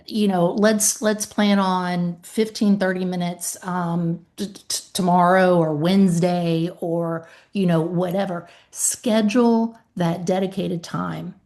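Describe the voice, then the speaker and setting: A woman's voice: lowish voice, fairly even intonation, slow pace, hardly any pauses, darkish tone. Emphatic woman podcast host. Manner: emphatic, acts out phone calls with claimants. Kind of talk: casual podcast conversation.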